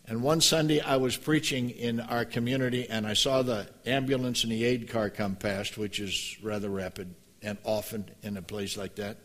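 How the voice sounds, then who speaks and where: A pastor preaching a sermon, moving from quiet storytelling to emphatic, passionate preaching. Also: male voice, mid-range voice.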